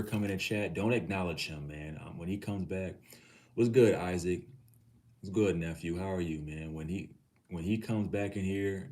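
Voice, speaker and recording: A man's voice: rumbling low, a little mellow. A middle-aged man from Texas hosting a livestream, talking casually with his chat, swearing freely and calling viewers nephew. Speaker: livestream host.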